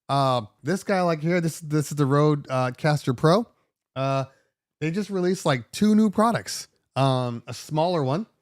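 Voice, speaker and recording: A middle-aged man, host of a DJ podcast, spins a casual story in an animated, fed-up way and swears freely. His voice sits at a medium pitch, and the recording is dry with no room echo.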